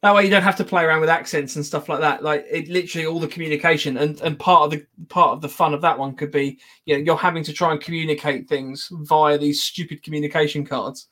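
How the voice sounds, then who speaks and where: Male host, fairly high voice, relaxed casual chat. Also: quick pace, few pauses. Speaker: podcast host.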